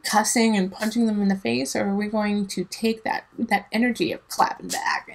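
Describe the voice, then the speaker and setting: A woman's voice: medium pitch, steady tone, normal speed, vocal fry. A woman, a tarot reader and mother, chatting casually and rambling as she gives a reading, laughing often. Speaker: dance teacher and mother.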